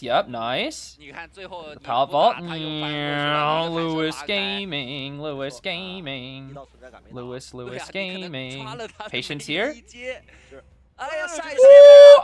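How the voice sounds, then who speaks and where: Streaming to his viewers, this man co-commentates esports in a laid-back but excitable way, frequently laughing and dropping "bro." His pitch leans high.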